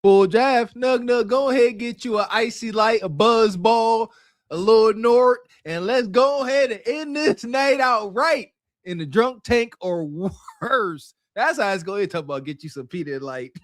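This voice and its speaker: A man co-hosting a podcast, commenting on a video clip in a mocking, animated way and laughing through his remarks. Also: very high-pitched, measured pace, dry recording, clean studio sound. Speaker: podcast co-host.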